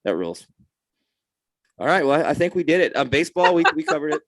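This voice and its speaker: A man co-hosting a podcast in casual chat, joking and easygoing with quick quips. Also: fairly high pitch, very animated, fairly bright tone, slight background noise. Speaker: podcast co-host.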